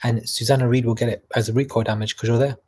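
A man's voice: medium pitch, fairly even intonation, fast talker, a little mellow, husky. A young man from Canada hosting a casual livestream, reading chat messages aloud and mocking people in a chatty way.

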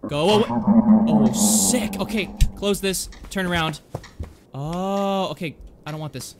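Excitable young man yelling at a horror game. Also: on the high side, slow pace, loud music behind the voice. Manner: excitable, yells and laughs at the game, talks to characters. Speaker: gaming YouTuber.

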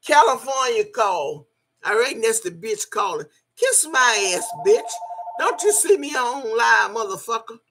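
A woman's voice: on the high side, animated, unhurried, noisy background. An older woman with a Southern Alabama accent, ranting profanely and heatedly at a viewer on a livestream. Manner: profane, heated, shouting insults. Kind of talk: livestream rant.

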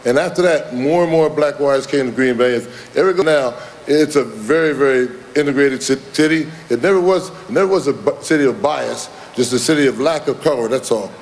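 A man's voice: mid-range voice, a little fast, hardly any pauses, slight background noise. A man in his seventies giving a Hall of Fame induction speech in a folksy, rambling manner, chuckling at his own jokes. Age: 70s. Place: large hall with audience.

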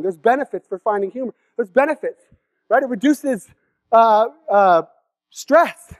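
The conference speaker, a young man from around Seattle, has an extremely high-pitched voice, recorded without echo. In his comedic keynote on the conference hall stage, he jokes with the crowd and performs silly voices.

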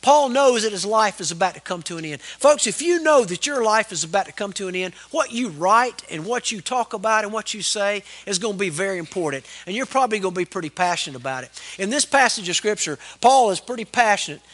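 A man's voice: sits high, expressive, fairly quick, few pauses, a bit bright. A middle-aged man preaching a sermon as pastor, fervent and calling out for amens. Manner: fervent preaching with call-and-response "Amen?".

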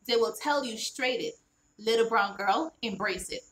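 A woman's voice: a little high, moderate pace, fairly bright tone, rough recording. A woman author talking casually on her vlog, reading lines from her own children's book aloud and explaining each one in an earnest way, often checking in with "all right?".

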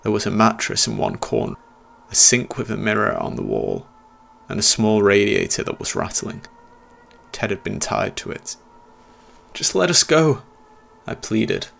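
Male horror narrator, deep-ish and gravelly, tense dramatic read. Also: sing-song, moderate pace, a bit bright.

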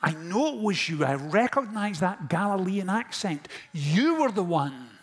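A man's voice: high-pitched, sing-song, unhurried, voice pushed up. A man preaching a sermon who quotes a young servant girl insisting on an accusation, in his own voice. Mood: accusing.

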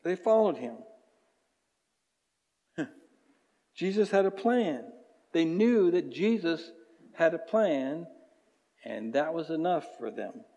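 A man preaching a sermon as pastor, animated and chuckling often, acting out little voices. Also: on the high side, slow pace, pauses often, highs cut off. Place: church sanctuary. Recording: church hall reverb.

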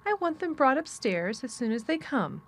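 A bossy, sickly young boy who gives orders in a haughty, commanding way, as a woman reads him aloud in an audiobook. His voice rides a little higher than an ordinary adult's, with an expressive lilt. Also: brisk, breathy edge. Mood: imperious.

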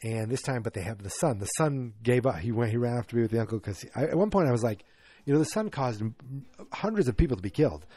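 A man's voice: mid-range voice, lively intonation, fast talker, mellow, breathy edge, no room sound. A man hosting a podcast in a rambling, casual chat, full of fillers and restarts. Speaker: podcast host.

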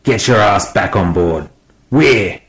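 A man's voice: on the low side, expressive, slow pace, poor audio. A man voicing an irritable, exasperated spaceship crewman in an audiobook. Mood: shouting. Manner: exasperated, shouty. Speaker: character in an audiobook. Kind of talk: audiobook character voice.

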